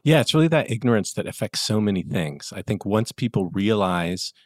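A man with a Southern US accent from the American South co-hosts a casual discussion podcast in a fairly low, expressive voice. He talks a little fast, explaining things earnestly and chuckling now and then. The audio is studio quality with no room sound.

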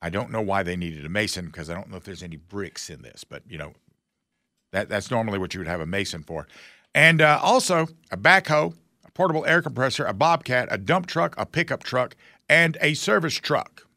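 Gravelly, sarcastic man hosting a talk show. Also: fairly low pitch, expressive, a little fast, sharp tone, no echo, studio quality. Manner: sarcastic, folksy, mocking. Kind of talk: casual political commentary.

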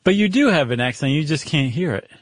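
A man hosting a podcast in casual chat, quick and joking, laughing often. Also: a little high, lively intonation, dry recording. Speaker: podcast host.

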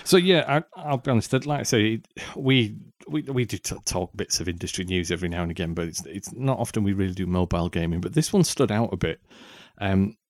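Deep-voiced and talking a little fast with barely a pause, a man co-hosts a podcast with no room sound. His casual chat is scattered with ums and restarts.

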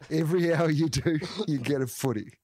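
A man's voice: fairly high pitch, normal speed, a little mellow, dry recording. An Australian man co-hosting a sports podcast, making dry jokes with casual swearing. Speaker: podcast co-host. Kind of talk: casual chat.

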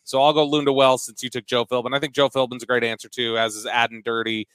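A man's voice: medium pitch, little pitch movement, fast talker, a bit bright, clean tone, no room sound. A man hosting a casual sports talk show, conversational and steering the segment, with frequent stammered restarts. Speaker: host.

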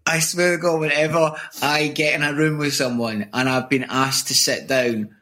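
A Scottish comedian chatting casually over a video call, rambling and self-deprecating, laughing often. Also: male voice, a little high, fairly even intonation, moderate pace, bright, forceful tone. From Scotland. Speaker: comedian guest. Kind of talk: casual chat.

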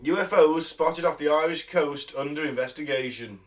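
A man's voice: a little high, normal speed. A British man co-hosting a podcast, reading news items aloud with dry, sarcastic asides. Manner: dry, sarcastic, laughs often. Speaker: podcast co-host. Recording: distant mic.

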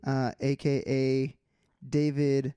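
A man's voice: mid-range voice, monotone, takes it slowly, dark tone, clear, resonant tone, dry recording. A man co-hosting a podcast, laughing often in playful casual banter. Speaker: podcast co-host. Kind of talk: casual chat.

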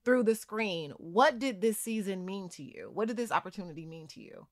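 A woman's voice: mid-range voice, lively intonation, moderate pace, dry recording, studio quality. A woman hosting a casual interview, emphatic and encouraging, calling her guest "girl" as she gives advice. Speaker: host.

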